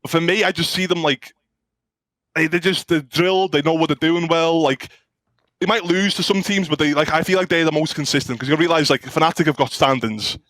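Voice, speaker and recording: A man talks as a guest on an esports chat show, rambling and loose with plenty of slang. His voice sits a little high. The recording is dry and close. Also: brisk, a bit bright, no echo. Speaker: pro player guest.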